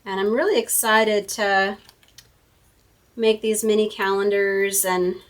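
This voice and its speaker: A woman's voice: mid-range voice, steady tone, slow pace, recorded from a distance. A woman hosting a casual card-making tutorial at her craft table, chatty and thinking aloud as she works. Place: home craft room.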